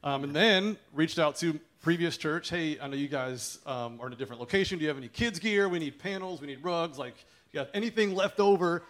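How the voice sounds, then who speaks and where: Guy planting a church, fairly high voice, telling the congregation his story and doing everyone's lines. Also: fairly quick. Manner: animated storytelling, acting out what others said. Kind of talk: testimony shared with a congregation. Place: church service.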